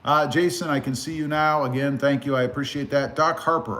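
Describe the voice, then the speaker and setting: A man from South Texas hosting a casual car livestream on a phone, reading viewer comments in a relaxed, rambling way. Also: medium pitch, a little fast. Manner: relaxed, rambling with many fillers. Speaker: car channel host. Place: live stream over phone.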